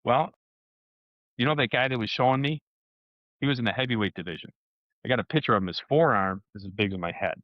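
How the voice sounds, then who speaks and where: A man telling a story in a lively way, with sound effects and acted-out dialogue. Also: medium pitch, fast, long pauses, no room sound, muffled recording. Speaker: co-host and martial arts competitor. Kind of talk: animated casual storytelling.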